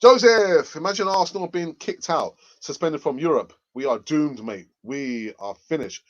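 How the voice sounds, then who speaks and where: A man hosting a football fan livestream in casual chat. He is excitable and often repeats his phrases for emphasis. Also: fairly high pitch, moderate pace, highs cut off. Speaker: football fan channel host.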